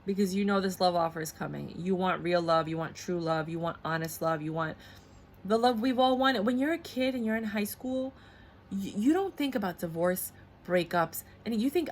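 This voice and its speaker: A woman doing a casual tarot reading to camera, blunt and animated, slipping into voices as she goes. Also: lowish voice, brisk, slight background noise. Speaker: tarot reader.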